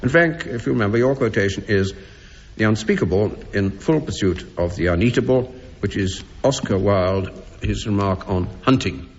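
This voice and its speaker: A man hosting a radio panel game in a theatre, giving brisk, dry scoring remarks. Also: on the low side. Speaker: quizmaster. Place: theatre stage before an audience. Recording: old lo-fi radio broadcast with hall reverb.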